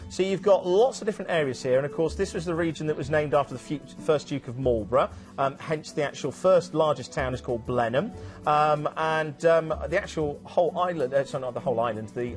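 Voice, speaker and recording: Man, cruise TV presenter, a bit high-voiced, chatty with lots of ums, music faintly behind. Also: brisk. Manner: chatty, many ums and restarts. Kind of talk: enthusiastic travel sales chat.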